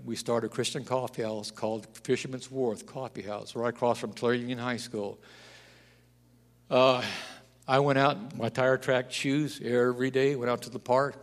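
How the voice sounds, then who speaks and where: A pastor preaching a sermon, telling stories and rising to loud, emphatic declarations. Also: male voice, mid-range voice. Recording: long hall reverb.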